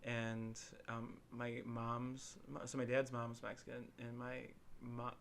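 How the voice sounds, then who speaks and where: A young man from Illinois, USA, co-hosts a casual podcast chat, rambling through stories packed with fillers and acting out quoted voices with energy. His medium-pitched voice has vocal fry, and he speaks slowly. A little background noise can be heard.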